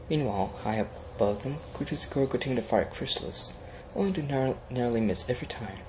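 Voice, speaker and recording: A man's voice: mid-range voice, quick pace, noisy background. A man earnestly reading fan fiction aloud as an amateur audiobook, with small slips.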